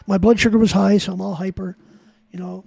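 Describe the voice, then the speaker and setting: A high-pitched man with a husky, mellow tone, clearly recorded at a dry desk mic. He streams live and rants heatedly to his chat, swearing freely and restarting his sentences as he goes. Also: level tone, fairly quick, no room sound. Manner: profane, heated ranting; rambling with frequent restarts. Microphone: desk mic while gaming.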